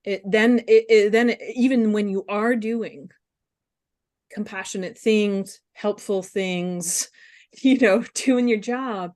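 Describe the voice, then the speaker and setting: A woman speaking candidly as a webinar guest, halting with fillers and restarts. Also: mid-range voice, darkish tone. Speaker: guest speaker on compassion fatigue. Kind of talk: casual webinar conversation.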